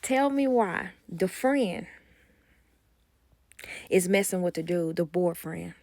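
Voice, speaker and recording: Animated woman telling a nanny storytime. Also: lowish voice, slow pace, dry recording, clean studio sound. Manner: animated gossip storytelling with acted-out quotes. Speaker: nanny vlogger. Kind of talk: casual storytime with quoted dialogue.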